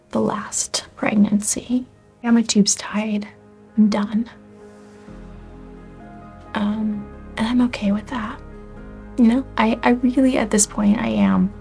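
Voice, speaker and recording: A woman in her forties tells her own story candidly and with deep feeling, her voice sitting a little high and carrying a gravelly fry. At times she drops to a near-whisper. Soft music plays faintly beneath her. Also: fairly even intonation, takes it slowly, pauses often. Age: 40s. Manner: candid and emotional, often dropping to a near-whisper. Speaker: church member sharing her testimony. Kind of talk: personal testimony to camera.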